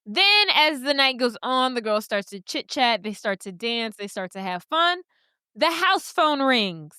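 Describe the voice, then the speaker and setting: A woman co-hosts a podcast, chatting through a film's plot and slipping into the characters' voices, with casual swearing. Her voice is bright and smooth, sitting somewhat high. The sound is close and dry. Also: a little slow, dry recording. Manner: lively storyteller, acts out characters' lines, swears casually. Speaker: podcast co-host. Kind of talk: casual movie recap chat.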